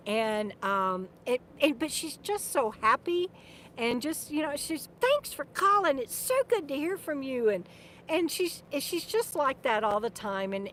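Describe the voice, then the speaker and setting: An older woman talks in a rambling, meandering way on a casual live stream, her voice a little high. She keeps restarting her thoughts and breaks off now and then to talk to her dog. A faint hiss sits under the voice. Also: fairly bright tone. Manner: speaks to her dog between remarks. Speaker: vlogger and author.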